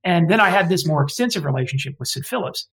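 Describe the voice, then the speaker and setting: A man's voice: on the high side, expressive, fast, fairly bright tone, poor audio. A man from Alabama talking as a guest historian in an interview, digressive and opinionated, often correcting himself mid-sentence. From Alabama, US South. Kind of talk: conversational interview.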